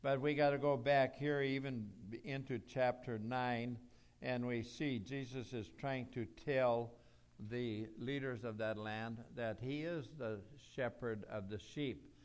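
A man preaching a sermon, telling a story in an earnest, measured way. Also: mid-range voice, steady tone, clean tone. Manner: slow, earnest storytelling with pauses.

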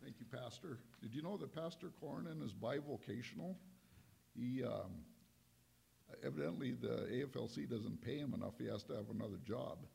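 A man thanking the pastor with relaxed, halting casual remarks. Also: mid-range voice, creaky, slight background noise. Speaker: church member thanking the pastor.

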